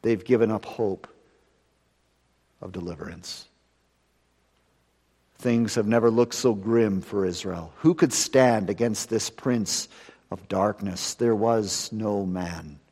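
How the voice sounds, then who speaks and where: Man preaching in an echoing hall. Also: lowish voice. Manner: dramatic preaching, slowing for emphasis and rising to loud peaks. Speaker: pastor. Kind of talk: sermon. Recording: long hall reverb.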